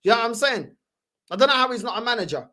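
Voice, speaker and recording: A woman's voice: fairly high pitch, animated, fast, pushed and bright. A woman hosting a fan channel, ranting heatedly in slangy, repetitive reaction commentary.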